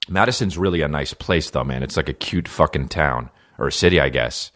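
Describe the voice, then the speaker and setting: A man's voice: a bass voice, brisk, few pauses, fairly bright tone. A man in his thirties from New Jersey, hosting a comedy podcast with a rambling, profane, laid-back monologue. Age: 30s.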